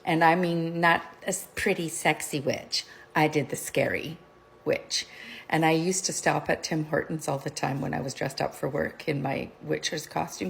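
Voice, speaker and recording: Chatty woman with a low gravelly voice. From Canada. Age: middle-aged. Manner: chatty and digressive, laughs often. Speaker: vlogger. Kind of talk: casual chat, rambling storytelling.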